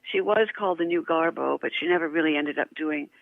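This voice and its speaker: An older woman, a guest actress, telling lively anecdotes in an interview, laughing often and poking fun at herself. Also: low-pitched, fast talker, creaky, no echo. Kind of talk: interview storytelling. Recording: tinny phone line.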